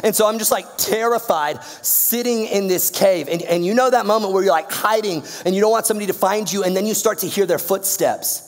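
A man's voice: high-pitched, brisk, hardly any pauses, in a large hall. A young man from Georgia, telling a slangy, playful story to a youth audience. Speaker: youth speaker.

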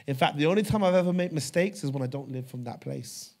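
A man preaching a sermon, telling a personal story with fervor, dropping to a hush and then rising loud. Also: fairly high pitch, fast. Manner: fervent storytelling, swings from hushed to loud. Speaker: pastor.

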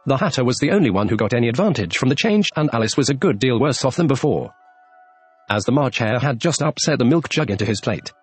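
Husky, expressive male storyteller. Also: medium pitch, quick pace, dry recording, faint music behind. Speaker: narrator. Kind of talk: audiobook reading of a classic.

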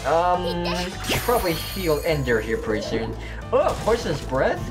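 A man with a slight lisp talks at a moderate pace in a fairly high voice with big pitch swings, music playing behind him. He's doing casual let's-play commentary, rambling and self-deprecating while he plays a game.

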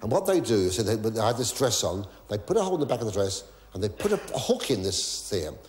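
On a theatre stage, a male comedian tells a story to a live crowd, stammering and muttering gossipy asides before bursting into shrieks and mock pleas. His lowish, slightly mellow voice moves fast with big pitch swings, and the reverberant recording carries audience laughter.

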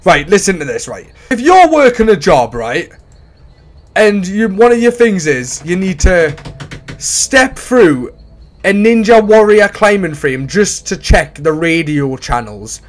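Sex: man. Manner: excitable, yelping. Pitch: lively. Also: unhurried. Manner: excitable, bursts into shouts and yelps. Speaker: gaming YouTuber. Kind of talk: horror game let's play commentary.

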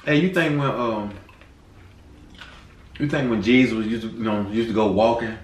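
A man with a Southern US accent, chatting casually and playfully on a couple's eating show, telling stories with loud bursts. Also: fairly low pitch, moderate pace, far from the mic. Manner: animated storyteller, playful, rising to loud bursts. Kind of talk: casual chat while eating. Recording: roomy sound from a mic set back, faint noise.

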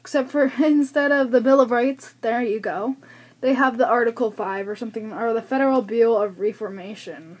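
A woman's voice: fairly high pitch, normal speed, darkish tone. A young woman from the United States rambling through a book haul vlog, chatty and self-deprecating, a little out of breath, recorded on a camera's built-in mic. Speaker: book vlogger.

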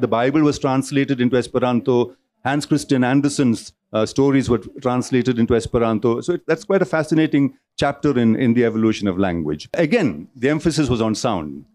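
A man at mid pitch delivers a public talk in a lecture hall. He talks in loose, discursive runs and often stumbles and repeats a word before going on. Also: darkish tone. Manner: discursive, with frequent restarts and repeated words. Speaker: speaker at a cultural centre talk.

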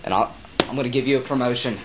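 A man's voice: mid-range voice, steady tone, quick pace, lightly acted. A young man playing an earnest company boss who thanks an employee, stumbling over his lines, recorded in an echoey, noisy, lo-fi room. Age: young adult. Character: grateful male company boss, earnest and fumbling. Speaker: student actor. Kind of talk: amateur class-project acting with outtakes.

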